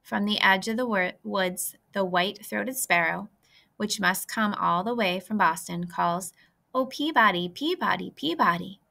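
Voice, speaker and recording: A woman reading a children's book aloud in a clear, lively way. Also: medium pitch, measured pace. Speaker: reader. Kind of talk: storybook read-aloud.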